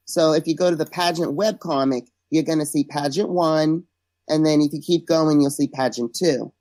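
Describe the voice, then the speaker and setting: A woman's voice: sits low, moderate pace, mellow, dry recording. A woman being interviewed as a guest, chatting casually and gossiping with joking asides. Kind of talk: casual podcast chat.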